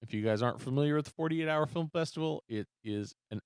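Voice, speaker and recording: A man's voice: on the high side, fast talker, clear, resonant tone, no room sound, studio quality. A man co-hosting a podcast, chatty and joking, laughing often. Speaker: podcast co-host. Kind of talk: casual podcast chat.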